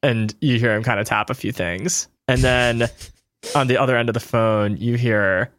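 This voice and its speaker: A man's voice: medium pitch, moderate pace, a bit bright. A man narrating as game master, loose and hesitant, with fillers and light laughs.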